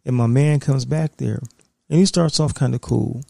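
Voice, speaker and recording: Gravelly streetwise man telling a story. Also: mid-range voice, moderate pace, no echo. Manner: profane, streetwise, animated. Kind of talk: casual personal storytelling.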